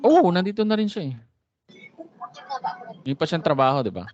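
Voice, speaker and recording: A man's voice: a little high, very animated, fairly quick, darkish tone, a little hiss or hum. A man with a Filipino accent teaching a Spanish class online from home, chatty and encouraging as he mixes Tagalog and English. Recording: dry, slightly dull lo-fi audio.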